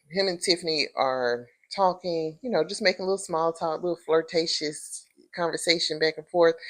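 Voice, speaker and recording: A sassy woman talking through a TV episode in a casual recap, calling the listener honey and girl. Her voice sits fairly low but has a bright, forceful edge. She keeps it animated and jumps up into high-pitched takes on the characters. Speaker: TV episode reviewer.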